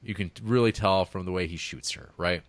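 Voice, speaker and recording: Low-voiced rambling podcast guy. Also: a little fast, dry recording. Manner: rambling, heavy on fillers and restarts. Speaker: podcast co-host. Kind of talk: casual chat.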